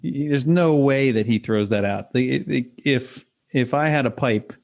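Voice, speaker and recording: A man's voice: mid-range voice, moderate pace, vocal fry, darkish tone. A man co-hosting a podcast in casual chat, with playful, teasing banter. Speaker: podcast co-host.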